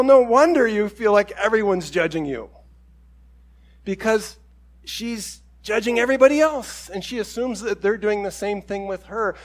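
A man preaching a conversational sermon, telling stories with quoted voices and self-deprecating humor. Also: sits high. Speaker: pastor.

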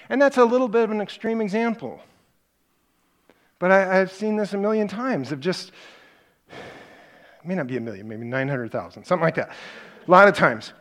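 A man's voice: high voice, lively intonation. A middle-aged man teaching a parenting class, telling stories in a conversational way and stressing his main points with repetition. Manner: conversational storytelling with emphatic repeated points; acts out parent and child lines in quick snippets.

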